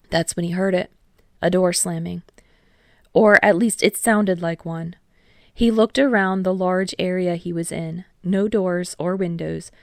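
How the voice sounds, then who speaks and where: Low gravelly woman narrating. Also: no room sound, studio quality. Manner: steady storytelling, voicing all characters. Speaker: podfic reader. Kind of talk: scripted narration.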